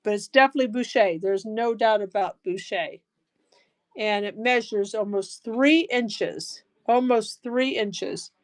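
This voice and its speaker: Excitable woman selling jewelry live. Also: medium pitch, measured pace. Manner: chatty, excitable, gushing over items. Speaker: live-stream jewelry seller. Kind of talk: live auction selling chat.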